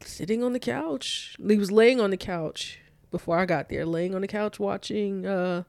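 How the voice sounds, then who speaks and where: A young woman tells a story from her own life in a relaxed conversation. She talks in loose, animated bursts, scatters "like" everywhere and slips into the voices of the people she quotes. The sound is dry and close, with no room behind her. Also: medium pitch, moderate pace, creaky, dry recording. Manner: animated, acts out both sides of quoted dialogue, frequent "like". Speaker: guest telling a personal story. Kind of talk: casual storytelling.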